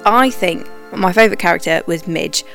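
A woman reviewing a film for a podcast, talking candidly and with animated opinions. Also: on the low side, moderate pace, gravelly, faint music behind. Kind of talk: conversational narration.

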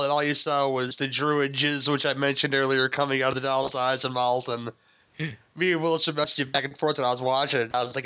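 A man's voice: mid-range voice, pushed and bright. A man hosting a casual movie review podcast, laughing and swearing often as he rambles with restarts. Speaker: podcast host. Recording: dull lo-fi sound.

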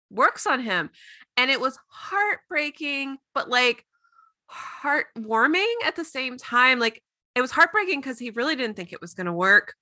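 Gushing woman podcast co-host, very bright tone. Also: fairly high pitch, no room sound. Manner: gushing, quick recap with laughs. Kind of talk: casual podcast recap.

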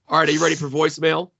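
A man co-hosting a casual podcast, with a very gravelly, husky voice. He talks in a wry, chatty way and often laughs at his own jokes. The sound is a little dull, as if from a lo-fi mic. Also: on the high side, pushed and bright. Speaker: podcast co-host.

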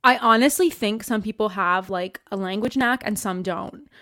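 A woman from Canada chatting casually as a guest on a video call, bubbly and laughing often, with quick asides. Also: mid-range voice, fairly bright tone. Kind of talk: casual chat.

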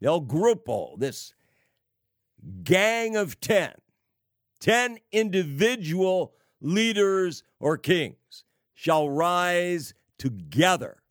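A man preaching on prophecy, slow and emphatic, with sarcastic asides and wry laughs. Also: high voice, big pitch swings, a bit bright, no room sound, studio quality. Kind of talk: prophecy sermon.

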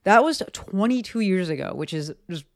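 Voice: medium pitch, expressive, normal speed. A podcast host from New Jersey talks through a casual solo business episode from a home office, chatty and candid, with lots of ums and likes. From East Coast US, New Jersey.

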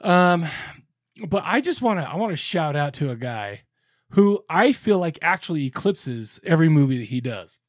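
A man's voice: fairly high pitch, very animated, normal speed, dry recording, clean studio sound. A man co-hosting a horror podcast, chatting casually and rambling with lots of fillers. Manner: rambling, laid-back, with lots of fillers and restarts. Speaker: podcast co-host. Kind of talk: casual chat.

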